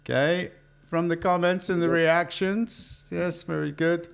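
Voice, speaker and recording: A man's voice: fairly high pitch, steady tone, measured pace, vocal fry, clear, resonant tone. Jokey male talk-show host. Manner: jokey, laughs often. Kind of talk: casual chat.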